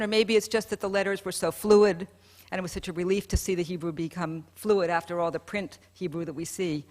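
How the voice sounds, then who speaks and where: An artist speaking about their own painting in short public remarks, informal and earnest with trailing hedges. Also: mid-range voice.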